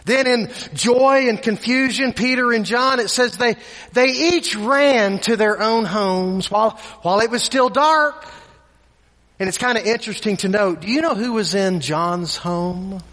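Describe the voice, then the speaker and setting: High-voiced man preaching slowly in a hall. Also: fairly bright tone. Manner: repeats words, dramatic pauses, voices characters in quotes. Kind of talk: sermon storytelling.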